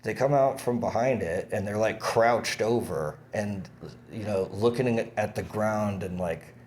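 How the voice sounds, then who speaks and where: A young man with a deep, low-pitched voice recounts events in a loose, meandering monologue. He swears often and trips over restarts and fillers. A faint background hiss sits under the recording. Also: measured pace, a little mellow. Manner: rambling, profane, many fillers and restarts.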